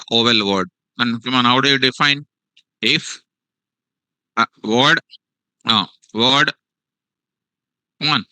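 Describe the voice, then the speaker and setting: A man's voice: mid-range voice, pushed and bright, smooth, no echo, poor audio. A man teaching a live programming class, repeating phrases and quizzing his students. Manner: repetitive, questioning students, restates phrases. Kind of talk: live classroom coding lesson.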